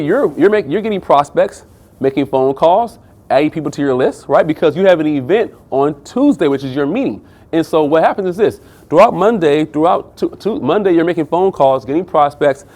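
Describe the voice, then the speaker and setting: Upbeat man coaching a sales team. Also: fairly high pitch. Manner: energetic, drops in "right?", "man" and "guys" to address the audience. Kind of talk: motivational sales training talk.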